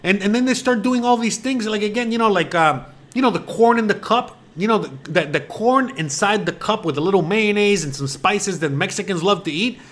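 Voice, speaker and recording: A man's voice: high voice, fairly quick, hardly any pauses, fairly bright tone. A man in his forties from the United States, hosting a casual rant to camera. He talks in an exasperated, rambling way, full of fillers and restarts. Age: 40s. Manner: exasperated, incredulous ranting. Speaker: host.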